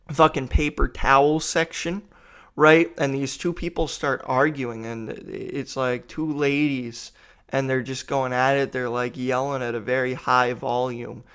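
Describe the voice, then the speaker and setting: A man's voice: medium pitch, creaky, a bit bright, clear, resonant tone. A young man telling a rambling, profane story about a store trip, sounding tired and exasperated. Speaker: vlogger. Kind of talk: rambling comic rant.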